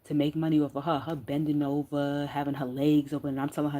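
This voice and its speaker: A middle-aged woman giving casual, profane commentary as a streamer, loud and laughing, full of slang as she tells stories. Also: low voice, level tone, fast, a little hiss or hum. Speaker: streamer commenting on street interview channels.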